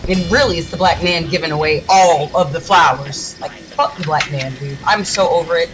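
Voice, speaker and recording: A woman from the United States, a gaming streamer, ranting in a heated, profane, rapid-fire way while she plays. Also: low-pitched, music in the background, poor audio. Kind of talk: casual ranting during a livestream.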